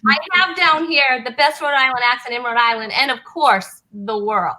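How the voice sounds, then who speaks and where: A woman hosting a comedy talk show, speaking in a halting, playful way with lots of "uh" and restarts. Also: sits high, bright, forceful tone, slight background noise, poor audio.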